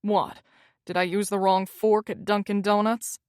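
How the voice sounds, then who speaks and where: A woman voicing a rough, growly young male biker in an audiobook romance. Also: medium pitch, flat delivery, a little slow, a little mellow, no room sound, clean studio sound, natural voice. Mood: teasing.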